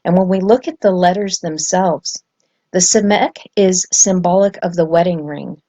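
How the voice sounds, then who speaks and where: A woman giving a spontaneous scripture lesson, earnest and excited, with frequent ums and self-corrections. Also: fairly low pitch, normal speed. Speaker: spiritual teacher. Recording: dull lo-fi sound.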